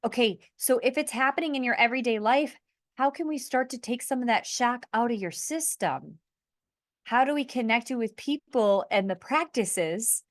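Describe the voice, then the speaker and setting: A woman hosting a casual podcast conversation, earnest and animated, laughing lightly between points. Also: a little high, normal speed, no echo, clean studio sound. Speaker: podcast host.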